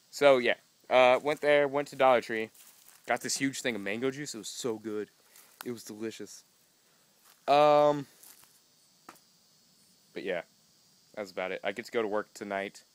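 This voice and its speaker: A man's voice: medium pitch, moderate pace, pauses often, a bit bright, no room sound. Rambling young man vlogging casually. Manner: rambling, laughing, self-mocking. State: just woke up.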